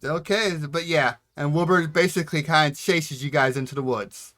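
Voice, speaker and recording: A man's voice: a little high, normal speed, a bit bright. A man running a tabletop game as game master, narrating casually with frequent fillers.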